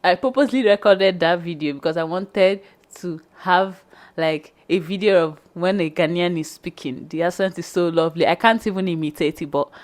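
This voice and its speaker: A woman's voice: fairly low pitch, moderate pace. A young woman from Nigeria, a guest on a vlog, chatting eagerly about her trip and repeating herself. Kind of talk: casual chat.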